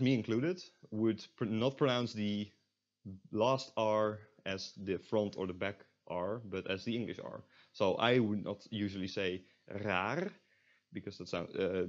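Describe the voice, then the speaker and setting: A young man with a Dutch accent, explaining pronunciation in a casual recorded lesson, with many fillers and restarts. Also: on the low side. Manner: hesitant, lots of fillers and restarts, demonstrates sounds. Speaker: Dutch language tutor. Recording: dull lo-fi sound.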